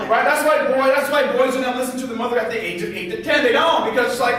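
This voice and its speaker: Animated male speaker in echoey hall. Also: extremely high pitch, fast, recorded from a distance. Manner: animated, acts out quoted voices, fires rhetorical questions. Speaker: therapist and public speaker. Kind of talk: motivational talk to an audience.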